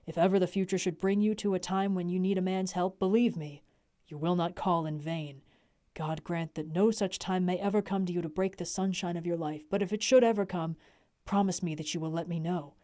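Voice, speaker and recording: A woman voicing a grieving young gentleman from a classic novel, speaking in an earnest, measured way. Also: lowish voice, fairly even intonation, lightly acted.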